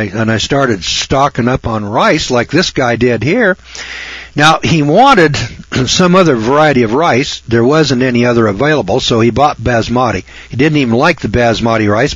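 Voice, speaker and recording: A man's voice: medium pitch, lively intonation, moderate pace, fairly bright tone, slightly rough, no room sound, low-quality recording. A man giving a folksy, sarcastic rant in casual talk to his audience. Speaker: online video host. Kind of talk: casual ranting monologue.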